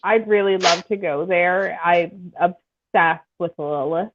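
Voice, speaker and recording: A woman hosting an interview, chatty and eager, often answering with a quick yeah. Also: lowish voice, steady tone, background noise. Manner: chatty, eager, frequent back-channel yeahs. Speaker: interview host. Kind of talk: casual livestream interview. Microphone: video call. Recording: thin phone-like audio.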